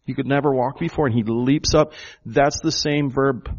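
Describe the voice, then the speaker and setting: A man's voice: medium pitch, fairly even intonation, moderate pace, lo-fi sound. A man preaching a sermon, emphatic and full of rhetorical questions to the congregation. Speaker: pastor.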